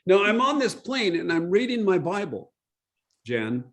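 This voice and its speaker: Man with a high voice, Bible study leader; animated storyteller who acts out the dialogue. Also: a little slow. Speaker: Bible study leader sharing his testimony. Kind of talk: storytelling testimony.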